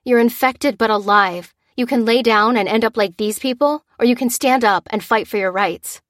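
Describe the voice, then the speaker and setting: A woman voicing a fierce, determined young woman fighter with a forceful, commanding delivery. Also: on the high side, normal speed, no echo, clean studio sound, pitched above the performer's own voice, natural voice. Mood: rallying.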